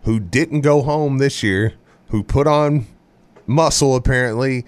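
A man's voice: mid-range voice, measured pace. A man co-hosting a casual sports talk show, rambling and correcting himself as he talks, with frequent laughs. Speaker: co-host, former player.

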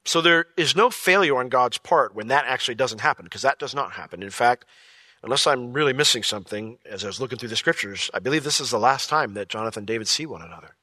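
Pastor giving a conversational sermon, bright and close in a dry room. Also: male voice, mid-range voice, quick pace, dry recording. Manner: lively, conversational, with jokey asides and acted-out quotes.

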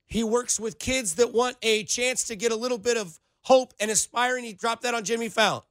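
Young man, sports radio host, studio, animated rambling banter, high voice, tense bright tone. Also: fairly quick, dry recording. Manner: animated, rambling, playful comparisons.

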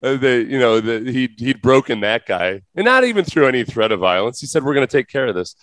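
A man's voice: medium pitch, very animated, brisk, a bit bright, dry recording. Rambling man hosting a podcast, dry sound. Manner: rambling, searches for words, laughs through his stories. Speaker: podcast host. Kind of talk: casual chat.

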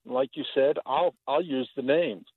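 A man's voice: mid-range voice, moderate pace, slightly rough, no room sound. A man calling in to a radio show, talking bluntly with a sarcastic edge. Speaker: caller. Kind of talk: caller on talk radio. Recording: phone line.

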